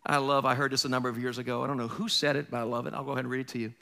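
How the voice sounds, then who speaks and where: A middle-aged man preaching a sermon as pastor, animated and joking, slipping in quick character voices. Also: medium pitch, creaky.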